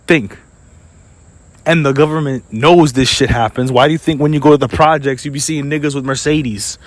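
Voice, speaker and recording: A man's voice: medium pitch, fairly even intonation, dry recording. A young man ranting in an angry, profane monologue for his vlog, sometimes mocking others in put-on voices. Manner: angry, profane, rapid-fire complaining. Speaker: vlogger.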